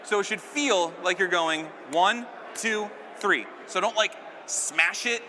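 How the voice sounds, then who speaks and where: Man, stage magician, playful crowd banter, high voice, live stage. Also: slow, sharp tone, in a large hall, slight background noise.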